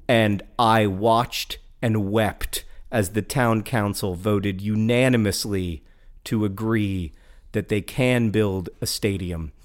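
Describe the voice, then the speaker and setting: Low-voiced American man, wry and rambling. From American South. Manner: enthusiastic, wry, many fillers and restarts. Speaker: podcast co-host. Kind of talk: casual chat.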